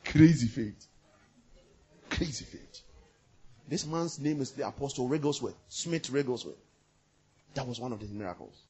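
A man preaching a sermon with passion, repeating phrases and swinging from loud bursts to quiet murmurs. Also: medium pitch, normal speed, slightly rough. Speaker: pastor.

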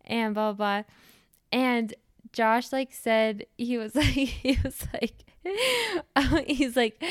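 A woman's voice: on the high side, slow pace, clear, resonant tone, dry recording, studio quality. A young woman hosting a podcast, telling a story in a chatty way full of "like" fillers. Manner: chatty, many "like" fillers, laughs through story. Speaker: podcast host. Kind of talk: casual storytelling chat.

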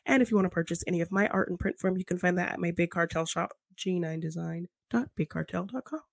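A woman's voice: fairly low pitch, quick pace, creaky, no room sound, studio quality. A woman co-hosting a podcast, chatty and upbeat as she plugs the shows and her links. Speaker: podcast co-host. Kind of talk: casual podcast outro.

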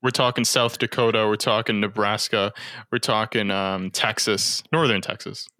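A man co-hosts a casual podcast chat and reads facts aloud with small stops and restarts. His tone is bright and forward. The sound is dry and close to the mic. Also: lowish voice, fairly even intonation, normal speed, no echo. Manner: hesitant, reads notes aloud. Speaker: podcast co-host.

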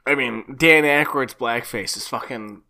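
A man chatting casually about a film, animated and laughing, acting out scenes in silly voices and swearing freely. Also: medium pitch, a little slow. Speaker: podcast co-host. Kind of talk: casual movie discussion.

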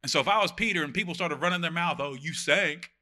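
A man preaching a sermon, reading scripture aloud and breaking in with animated, joking comments. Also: on the high side, rapid-fire. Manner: animated, reads verses then comments with jokes.

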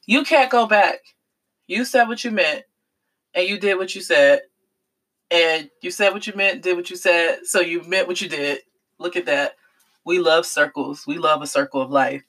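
A woman's voice: fairly low pitch, unhurried, fairly bright tone, rough recording. A woman hosting her own podcast, talking alone in an emphatic, slangy way and laughing in disbelief. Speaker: podcast host. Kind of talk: solo commentary podcast.

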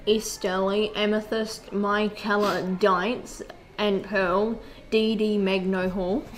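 Halting woman reading podcast notes. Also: medium pitch, little pitch movement, low-quality recording. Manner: halting reading with ums and self-corrections. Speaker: podcast co-host. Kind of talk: casual podcast, reading a show summary aloud.

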